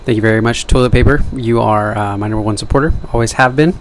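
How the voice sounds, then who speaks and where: Talking fast in a mid-range voice over slight background noise, a young vlogger delivers a loose monologue to camera. He jokes at his own expense and keeps slipping into side remarks.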